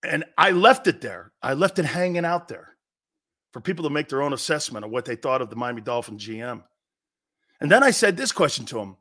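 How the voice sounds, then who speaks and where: A middle-aged man hosts casual sports talk, lecturing with lots of rhetorical questions and an animated delivery. His voice is medium-pitched and fairly quick.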